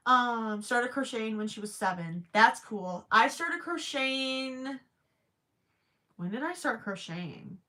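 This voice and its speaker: Young woman crocheting on a livestream, slow rambly chat, bright voice. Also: a little high, animated. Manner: chatty, rambling, reads viewer comments aloud while crocheting.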